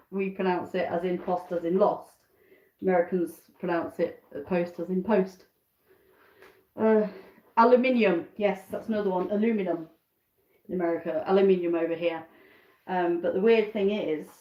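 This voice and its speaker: The room echoes and the highs are cut off as a British woman with a mid-range voice rambles casually on her live stream. She keeps backyard chickens and talks from her home kitchen, drifting between tasks and asides.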